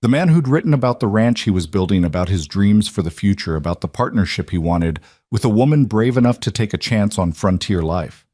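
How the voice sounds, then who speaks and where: A man narrating a scripted frontier romance story in a steady, measured way. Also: lowish voice, dry recording, studio quality.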